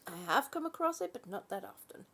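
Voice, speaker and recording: A woman hosting a relaxed live chat from her home, greeting viewers by name, yawning, laughing and often losing her train of thought. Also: a little high, a little fast, creaky, husky. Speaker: livestream host.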